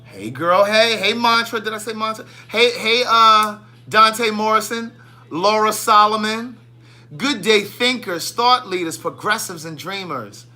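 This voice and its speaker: Hosting a casual live stream, a man greets viewers by name with playful, sassy, animated shout-outs. His voice is high and his pace measured.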